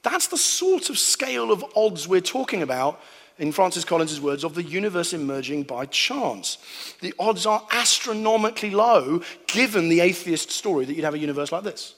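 A man giving a lively, animated talk to an audience, acting out sounds and voices. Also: high-pitched, moderate pace. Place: hall with a live audience. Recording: long hall reverb.

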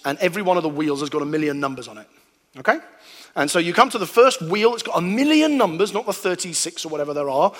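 A man giving a lively, animated talk to an audience, acting out sounds and voices. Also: fairly high pitch. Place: hall with a live audience. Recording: long hall reverb.

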